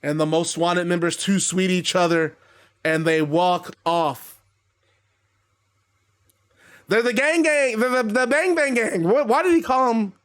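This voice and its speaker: A man's voice: high voice, a bit bright. A man casually narrating a wrestling game league, rambling, swearing freely and laughing at his own stories.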